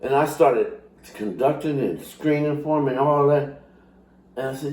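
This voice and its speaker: A man's voice: medium pitch, unhurried, a little mellow, reverberant. An older man telling a casual story, laughing often and acting out the voices of others.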